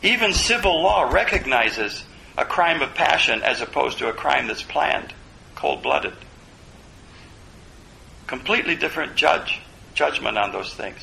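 A man's voice: on the high side, sing-song, measured pace, creaky, long pauses, sharp tone, low-quality recording. A man giving a Buddhist dharma talk, reflecting aloud and posing questions to himself. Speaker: Buddhist teacher.

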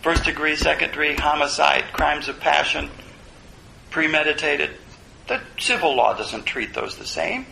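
Gravelly-voiced man giving a dharma talk. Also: on the high side, lively intonation, normal speed, sharp tone, a little hiss or hum, low-quality recording. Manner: reflective, asks himself questions aloud. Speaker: Buddhist teacher.

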